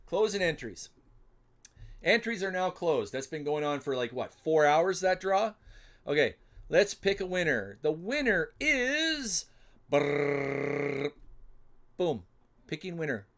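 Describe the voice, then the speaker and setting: A man hosting a solo livestream giveaway, flustered and muttering to himself as he fumbles with the software. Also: a little high, expressive, moderate pace. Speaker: livestream host running a giveaway. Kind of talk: casual solo livestream chat.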